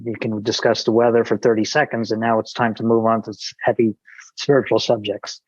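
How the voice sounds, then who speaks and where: A man's voice: lowish voice, little pitch movement, a little fast, dry recording, muffled recording. Rambling man telling a story. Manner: rambling, with frequent restarts and quoted dialogue. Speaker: podcast guest, author. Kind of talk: casual conversational storytelling.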